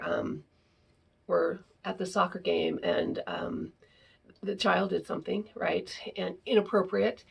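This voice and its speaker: A woman's voice: mid-range voice, vocal fry, breathy edge. A woman explaining parenting ideas in a casual, conversational talk, often ending her points with "right?". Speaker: parenting educator.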